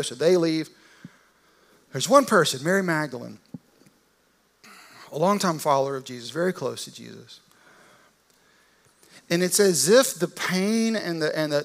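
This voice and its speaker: Preaching on Easter, a male pastor with a rather high voice dramatizes the story, alternating between hushed, almost whispered moments and loud, impassioned outbursts.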